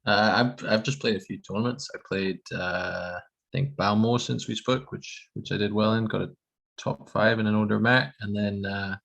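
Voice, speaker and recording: A man's voice: on the low side, steady tone, normal speed, creaky, fairly bright tone, lo-fi sound. A man, a golf professional guest talking in a modest, hesitant way in casual chat.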